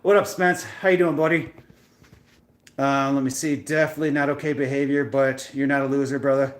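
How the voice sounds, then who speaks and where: This young man, a fitness streamer, chats casually on a live stream in an echoey room, telling a rambling, self-deprecating story loaded with fillers. He talks briskly in a mid-range voice with little pitch movement.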